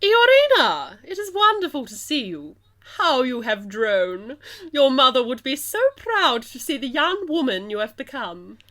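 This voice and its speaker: A woman's voice: high-pitched, big pitch swings, a bit bright, voice pushed up, heavily acted. A woman reading a haughty queen's lines in a plummy posh English accent, grand and imperious. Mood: gracious. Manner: plummy, stately, drawn-out delivery.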